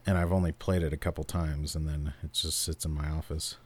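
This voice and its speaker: A man's voice: extremely low pitch, level tone, brisk, darkish tone, breathy edge, no echo. A man co-hosting a podcast in casual chat, rambling with lots of fillers. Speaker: podcast co-host.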